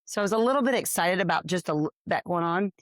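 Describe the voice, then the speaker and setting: A woman's voice: lowish voice, lively intonation, quick pace, dry recording, studio quality. A woman co-hosting a podcast, telling a story with energy and acting out the other people's lines. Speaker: podcast co-host. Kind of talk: casual storytelling chat.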